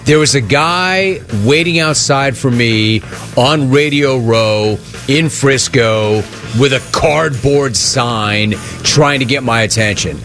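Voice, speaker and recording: Animated middle-aged male talk-show host. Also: mid-range voice, slow, music in the background. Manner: animated storyteller, acts out remembered dialogue. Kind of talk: casual talk-show chat answering listener questions.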